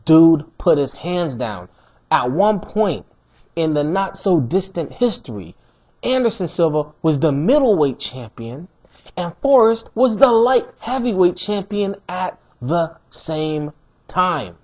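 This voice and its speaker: Husky man, highish voice, animated slangy fight-review rant, dull lo-fi recording. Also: slow. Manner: animated, slangy, emphatic repetition. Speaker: MMA commentator.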